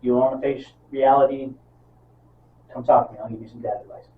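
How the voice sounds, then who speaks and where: A man's voice: mid-range voice, a little fast, far from the mic, slight background noise. A man co-hosting a podcast in casual chat, swearing a lot and acting out movie scenes as he retells them. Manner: profane, animated, acts out movie scenes. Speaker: podcast co-host. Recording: roomy, off-mic, dull sound.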